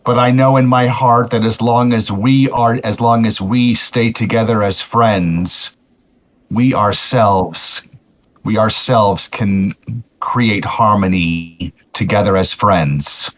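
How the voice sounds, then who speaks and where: A man's voice: on the low side, steady tone, slow. A man voicing an earnest pony healer with a solemn manner who often restarts his phrases, in a tabletop game. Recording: muffled lo-fi audio.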